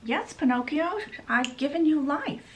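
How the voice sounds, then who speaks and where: A woman voicing a kind female fairy who speaks slowly and gently. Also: high voice, lively intonation, noisy background, voice pushed up. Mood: gentle.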